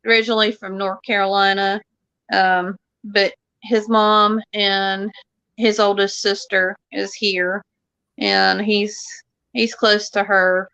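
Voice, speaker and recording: A woman's voice: medium pitch, sharp tone, no echo, highs cut off. A woman from the Missouri Ozarks with a Southern accent, chatting folksily as a guest on a live show. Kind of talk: casual chat.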